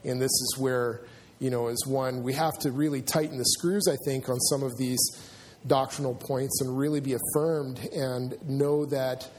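A man preaching a sermon in a church, earnest and halting, often restarting his sentences and filling pauses. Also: medium pitch, steady tone, a little mellow, slight background noise. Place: church sanctuary.

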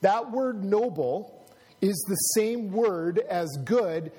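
A man's voice: sits high, lively intonation, slow pace, dark tone, slightly rough. A middle-aged man preaching a sermon, telling a personal story and building to emphatic preaching. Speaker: pastor. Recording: long hall reverb.

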